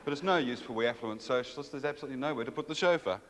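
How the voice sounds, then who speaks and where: A man's voice: mid-range voice, racing, slight background noise. An Australian man hosting an awards night, delivering a dry, wry and satirical comic speech in a large banquet hall. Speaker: awards host. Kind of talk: comic after-dinner speech. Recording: reverberant hall with audience.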